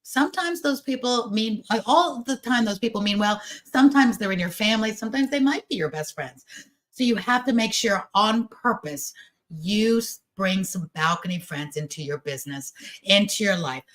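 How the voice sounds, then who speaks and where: A woman giving a chatty, animated motivational talk over a video call, acting out the voices of people she quotes. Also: medium pitch, normal speed. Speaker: guest speaker at a business event.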